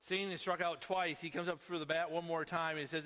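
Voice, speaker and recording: A man preaching with a bright, forceful edge to his voice, moving from loud declarations down to hushed asides. He sounds dull and lo-fi, carried by a long reverb that trails off each phrase as if he is in a large hall. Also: a little high, fairly even intonation, a little fast, few pauses. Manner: impassioned, swinging from loud to hushed. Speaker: pastor. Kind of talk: sermon.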